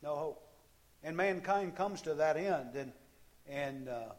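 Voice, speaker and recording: A man's voice: a little high, animated, unhurried, darkish tone. A man preaching a sermon, speaking earnestly with frequent restarts and fillers, acting out the cries of the people he quotes. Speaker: pastor.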